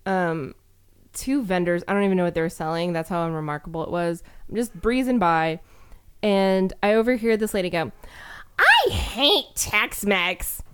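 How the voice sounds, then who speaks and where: A woman from Texas co-hosting a podcast in casual chat, an animated storyteller who swears freely and acts out what people said. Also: lowish voice, fairly quick, slight background noise. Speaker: podcast co-host.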